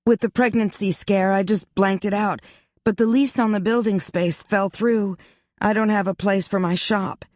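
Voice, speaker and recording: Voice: medium pitch, a little mellow, no room sound, clean studio sound, voice pushed up, natural voice. A narrator voicing Pippa, a frank young woman who confides her worries in a rueful, anxious way.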